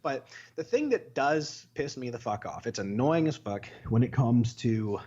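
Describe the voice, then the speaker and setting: Fast-talking husky man ranting. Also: mid-range voice, muffled recording. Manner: profane, ranting, acts out quoted voices. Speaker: podcast co-host. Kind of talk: casual podcast chat.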